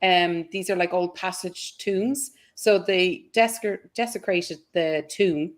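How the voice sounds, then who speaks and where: A woman's voice: on the low side, measured pace. A woman, a paranormal investigator who eagerly jumps in to tell her own ghost story as a podcast guest. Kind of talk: storytelling in conversation.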